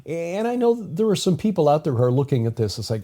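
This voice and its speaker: A man's voice: fairly high pitch, sing-song, fast, hardly any pauses, warm tone. A man co-hosting a talk podcast in a casual, rambling way, often restarting his sentences. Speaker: podcast co-host. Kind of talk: casual conversational commentary.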